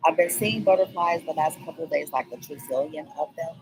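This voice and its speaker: A woman's voice: sits low, a little fast, darkish tone, a little hiss or hum, low-quality recording. A woman vlogger telling a rambling personal story, keeps checking in with "okay?" and skipping details with "blah, blah".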